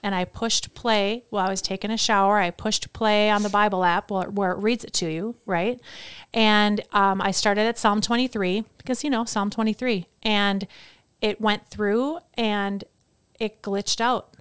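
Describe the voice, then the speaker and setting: A middle-aged woman, a podcast guest, telling stories in a chatty, animated way in a casual interview. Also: mid-range voice, normal speed, smooth, no echo. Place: podcast studio.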